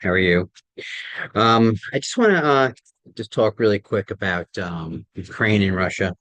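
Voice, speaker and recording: A tired man talking casually to camera, halting, with many ums and restarts. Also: on the low side, lively intonation, a bit bright, dry recording. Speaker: vlogger.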